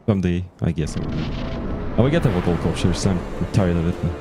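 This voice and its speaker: Low-voiced man streaming a game. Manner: mutters and swears mildly at the game, switches into French. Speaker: gaming streamer. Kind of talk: casual live gameplay commentary.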